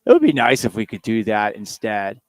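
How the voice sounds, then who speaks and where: A man's voice: on the low side, huge pitch swings, normal speed, no room sound. A man hosting a sports radio show, talking casually in a sarcastic, rambling, self-mocking way.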